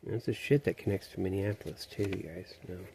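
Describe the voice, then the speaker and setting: A man's voice: low-pitched, fast, gravelly, dark tone, slight background noise. A man rambling through a profane, meandering, conspiratorial monologue.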